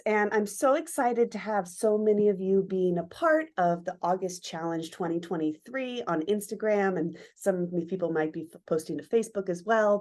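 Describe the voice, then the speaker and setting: A middle-aged woman teaching dance online, her pitch rising and falling in a lively way. She explains with enthusiasm and acts out movement sounds to show how a motion lands. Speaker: dance educator. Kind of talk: online lesson with screen share.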